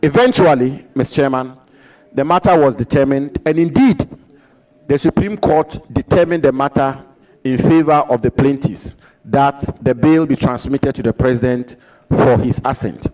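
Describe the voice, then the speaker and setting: A man questioning a nominee at a formal parliamentary hearing, measured and repeating key points for emphasis. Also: mid-range voice, darkish tone, rough recording. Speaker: committee member asking questions. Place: parliamentary committee hearing room.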